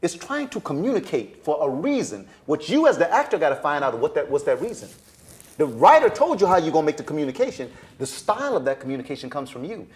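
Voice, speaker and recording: A middle-aged man with a Southern US accent, a stage director telling lively stories in a panel conversation and acting out the voices of the people in them. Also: a little high, fast. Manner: animated storyteller, acts out voices, Southern-flavored speech.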